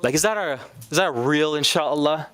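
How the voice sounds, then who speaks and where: Animated man lecturing a class. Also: on the high side, a little fast. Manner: animated, asks the class questions. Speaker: teacher.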